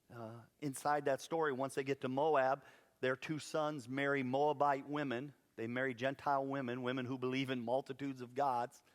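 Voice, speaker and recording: A man preaching a sermon, telling a Bible story in a lively way with playful asides. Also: medium pitch, big-room sound. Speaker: pastor. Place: church sanctuary.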